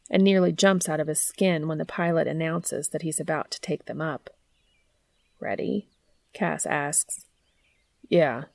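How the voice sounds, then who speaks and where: Woman narrator for a fan fiction audiobook; lowish, gravelly, soft and intimate.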